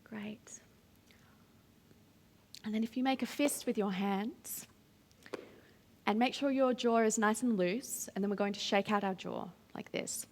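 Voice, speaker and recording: An Australian woman leading a drama workshop, guiding a voice warm-up in an upbeat, encouraging way while demonstrating the exercises. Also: mid-range voice, a little slow, pauses often, a little hiss or hum.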